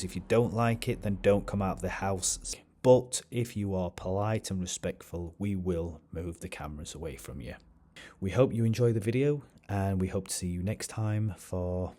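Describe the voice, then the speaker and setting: A man's voice: deep voice, warm tone. A man narrating a voice-over as host of a street news channel, blunt and matter-of-fact. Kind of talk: voice-over outro.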